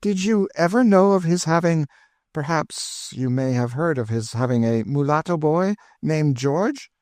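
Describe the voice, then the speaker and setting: A man voicing a refined woman traveller, eager and emotional, lifted well above his own low register. Her questions come quick and searching, with a dry, close sound. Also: lively intonation, a little mellow, no echo. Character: grieving freed woman seeking her brother.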